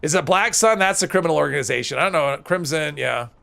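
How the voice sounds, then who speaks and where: A man's voice: fairly high pitch, quick pace, vocal fry, bright, forceful tone. A man streaming a video game, chatting casually with his viewers and rambling, often restarting and correcting himself. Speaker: live streamer. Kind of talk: casual gameplay commentary while reading chat.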